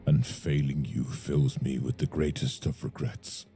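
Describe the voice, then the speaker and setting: A man voicing an ancient, weary male space marine warsmith in a solemn, measured way. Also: extremely low pitch, little pitch movement, mellow, faint music behind, voice pushed down. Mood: grave.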